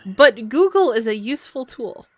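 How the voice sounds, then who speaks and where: A woman's voice: fairly high pitch, big pitch swings, moderate pace, faint music behind. A woman streamer chatting casually while gaming, telling stories and laughing often. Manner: giggly, chatty storyteller.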